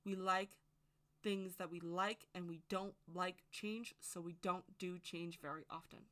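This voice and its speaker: A woman's voice: on the low side, fairly even intonation, unhurried, sharp tone. A woman giving a casual, rambling opinion monologue to camera as a witchcraft video creator, speaking emphatically and straight to her viewers.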